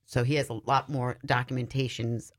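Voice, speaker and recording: A woman's voice: very deep voice, moderate pace. A woman co-hosting a Christian talk show, telling a personal story in casual chat and acting out the voices of the people in it. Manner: lively storyteller who acts out quoted voices.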